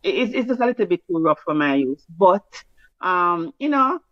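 A woman with a Jamaican accent co-hosting a sports show in casual chat, brisk and teasing with patois-flavoured talk, on a dull lo-fi recording. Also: fairly low pitch, very animated, no room sound. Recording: dull lo-fi sound.

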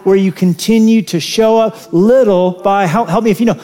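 A man preaching a sermon in an animated, conversational way, with casual asides to the congregation. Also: sits high, normal speed, hardly any pauses. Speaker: pastor.

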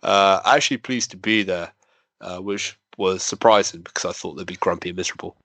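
A man's voice: deep voice, steady tone, a little fast, a bit bright, no room sound. A man telling a rambling, self-deprecating story in a casual chat. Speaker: podcast co-host.

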